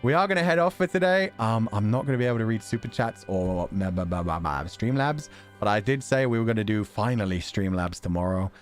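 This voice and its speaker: A man casually chatting on a livestream, excitable, laughing often and swearing now and then. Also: lowish voice, fairly quick, soft background music. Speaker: streamer.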